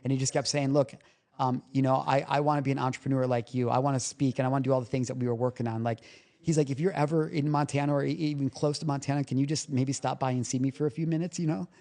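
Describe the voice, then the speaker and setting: A man's voice: mid-range voice, fairly even intonation, fast talker, warm tone. Male podcast guest, mid-range voice, candid and emotional, casually profane storyteller. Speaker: recovery coach guest. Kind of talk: podcast interview, personal storytelling.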